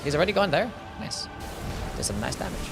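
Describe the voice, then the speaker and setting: A man's voice: on the high side, very animated, fast talker, creaky, music in the background. A young man chatting casually while streaming a game, answering chat questions and swearing now and then. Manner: laid-back, swears, reads chat. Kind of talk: casual gameplay commentary.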